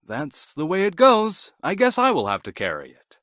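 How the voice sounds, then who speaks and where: A patient, hardworking storybook cockerel calls out eagerly and loudly, as a man puts him on. The voice is pushed up high and leaps all over its range. The recording is dry. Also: huge pitch swings, normal speed, dry recording, heavily acted. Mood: calling, eager.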